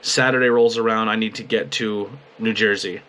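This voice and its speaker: Young guy with a lowish voice talking into his webcam, rambling and emotional, lots of swearing and restarts. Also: fairly even intonation, moderate pace, fairly bright tone, slight background noise. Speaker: podcast host and wrestling commentator. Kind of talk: emotional personal video journal. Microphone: webcam at a desk.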